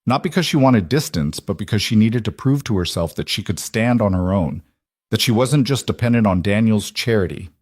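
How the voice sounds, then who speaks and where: A man narrates a scripted romance story in a low, measured voice. The sound is dry and close to the mic, and he reads it steadily. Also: lively intonation, darkish tone, no echo.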